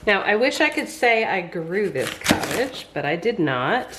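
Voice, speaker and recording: A woman's voice: medium pitch, sing-song, unhurried, heavy background noise. A congested woman, chatting folksily to viewers while she cooks in her home kitchen. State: congested, stuffy voice. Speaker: homesteading vlogger. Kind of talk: casual cooking demonstration.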